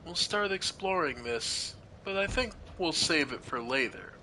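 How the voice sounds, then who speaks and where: A man playing a game on stream, calmly commenting and reading game text aloud. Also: a little high, measured pace, slight background noise, poor audio. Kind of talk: let's play commentary.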